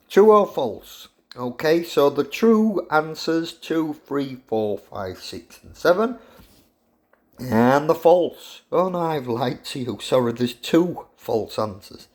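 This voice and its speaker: A man's voice: medium pitch, very animated, slow. A middle-aged man, a university professor giving a jokey, teasing lecture to his students. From England.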